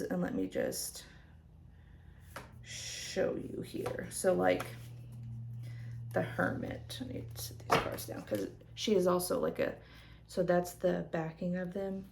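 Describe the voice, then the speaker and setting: A woman vlogger chatting casually as she shows her tarot decks, rambling with lots of fillers. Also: fairly low pitch. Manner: rambling, soft-spoken, many fillers.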